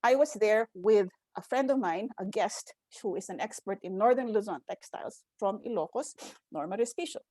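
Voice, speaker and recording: A woman's voice: mid-range voice, normal speed, dark tone, dry recording. A Filipino woman in her fifties, an anthropologist on a roundtable panel, telling stories and often adding "right?" while mixing in Tagalog phrases. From Philippines, grew up in Quezon City. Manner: frequent "right?" tag questions, mixes in Tagalog phrases. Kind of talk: academic roundtable talk, storytelling.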